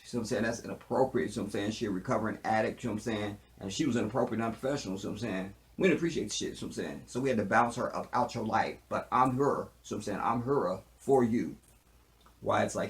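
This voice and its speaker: A man talks through a TV episode in a loose, animated recap. He slips into slang and repeated tag phrases, and his voice sits a little low. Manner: animated, acts out character lines in quick impressions. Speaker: TV show reviewer. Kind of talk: casual recap commentary.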